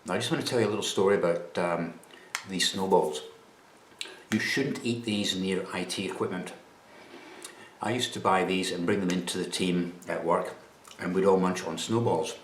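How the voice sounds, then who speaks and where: Deep-voiced Scottish man reviewing snacks. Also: fairly even intonation, moderate pace, echoey room, slight background noise. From Scotland. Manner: dry, chatty, eating on camera. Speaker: vlogger presenting snacks.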